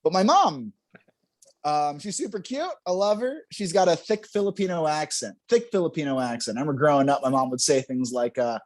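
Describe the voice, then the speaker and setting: A young man performs a stand-up comedy set on a club stage. His voice sits high and swings widely in pitch as he lands self-mocking punchlines. He laughs between jokes. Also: expressive, brisk.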